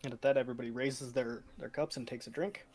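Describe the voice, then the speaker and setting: A man's voice: medium pitch, fairly even intonation, quick pace, darkish tone. A man narrating as game master of a tabletop game, casual and full of fillers.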